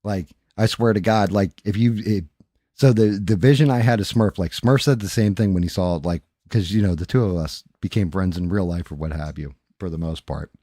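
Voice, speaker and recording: Low-voiced man rambling on a live stream. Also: a little fast, dark tone, dry recording, clean studio sound. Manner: rambling, profane, talks straight to viewers. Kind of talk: casual live-stream chat. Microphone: studio microphone.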